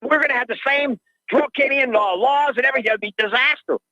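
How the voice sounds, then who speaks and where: A man's voice: very high-pitched, fast talker, pushed and bright, dry recording. An older man calling in to a radio show, ranting in an agitated way and repeating himself, heard through dull lo-fi call audio. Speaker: caller.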